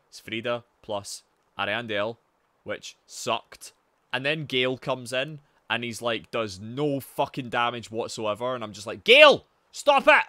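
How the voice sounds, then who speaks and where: A man streaming a game live, chatting casually and swearing, with sudden loud yells at the action. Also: medium pitch, no echo. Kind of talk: live gameplay commentary and chat.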